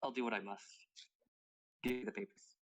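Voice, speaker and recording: A player voicing a reserved young female enforcer who speaks in a measured, formal way. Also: very deep voice, sing-song, vocal fry, exaggerated voice. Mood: resigned.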